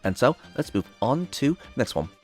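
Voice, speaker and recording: A man's voice: medium pitch, very animated, moderate pace, a little mellow, faint music behind. A young man hosting a casual video review of comedy shows, chatty and enthusiastic. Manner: chatty and enthusiastic, often retelling jokes with put-on voices.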